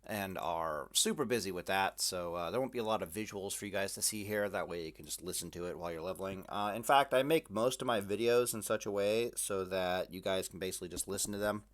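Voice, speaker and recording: A man's voice: deep voice, fast talker, few pauses. A man casually rambling in a vlog from his room at night, full of fillers and dry self-mocking jokes. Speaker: gaming video creator.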